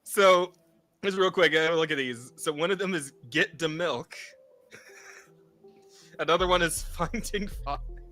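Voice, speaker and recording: A man co-hosting a casual streamed podcast, talking in an animated way, swearing, laughing often and repeating words as he stumbles. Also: a little high, measured pace, long pauses, soft background music. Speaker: podcast co-host.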